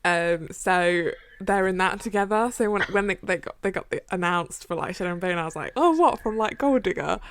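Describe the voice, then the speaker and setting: A woman co-hosting a podcast in casual chat, animated and emphatic with quick restarts and mock outrage. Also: on the low side, clear, resonant tone. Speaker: podcast co-host.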